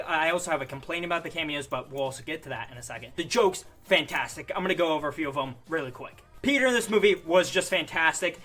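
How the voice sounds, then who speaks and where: A young man reviewing a movie in a casual, excitable way, gushing and saying "like" a lot. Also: fairly high pitch. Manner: excitable, gushing, heavy use of "like".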